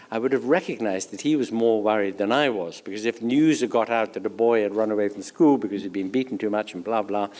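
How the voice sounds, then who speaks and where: A man's voice: mid-range voice, a little mellow. Wry older man telling a story. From Zambia. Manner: wry, self-deprecating storyteller. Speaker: guest speaker, philosopher. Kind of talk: anecdotal public talk.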